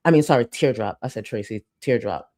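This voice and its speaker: A woman's voice: extremely low pitch, expressive, fairly quick, mellow. A young woman hosting a casual commentary livestream, chatting and reading out supporter messages. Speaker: livestream host.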